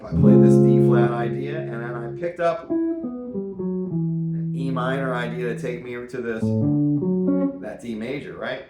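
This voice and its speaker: A man gives a casual jazz guitar lesson, joking and punning between points. His voice sits at a middle pitch and sounds roomy. Loud guitar playing runs behind him. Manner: playful, punny, chatty asides between examples.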